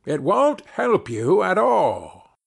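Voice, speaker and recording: A man's voice: wildly swooping pitch, creaky, breathy edge, full character voice. A man putting on a mocking old witch's voice. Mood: menacing. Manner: high, slow, drawn-out mocking voice. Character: wicked old female witch, mocking and greedy.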